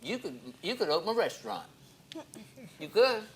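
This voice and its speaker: In a TV cooking segment, a pastor and show host jokes and exclaims loudly as he samples food in the studio kitchen. He speaks at normal speed in a high-pitched, sing-song voice, with a little hiss or hum in the audio.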